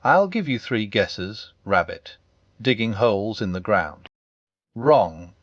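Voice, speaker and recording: A man voicing a gloomy old male donkey who talks slowly with cold, flat sarcasm. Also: on the low side, dry recording, dull audio. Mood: sulky. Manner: slow, flat, coldly sarcastic.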